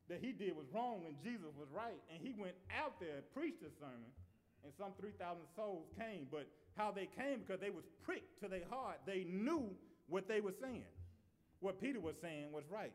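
A man's voice: on the high side, a little mellow. A man preaching a sermon in a conversational way, repeating and restarting phrases.

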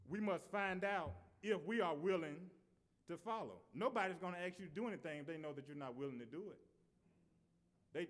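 A man. He talks in a conversational way, often repeating and restarting his phrases as he goes. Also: sits high. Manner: conversational preaching with repetitions and restarts. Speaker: preacher. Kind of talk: sermon.

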